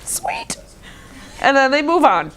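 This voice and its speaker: High-voiced joking woman teacher. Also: animated, a little slow, fairly bright tone. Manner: chatty, joking, acts out quoted voices. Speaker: history teacher. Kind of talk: casual classroom lecture. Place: classroom.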